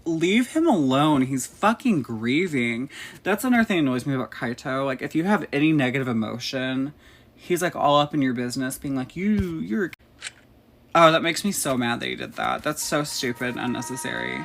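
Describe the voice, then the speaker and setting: A man's voice: mid-range voice, a little fast, gravelly, slight background noise. A man hosting a let's play, reading game dialogue aloud with sarcastic asides. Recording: loud game music behind voice.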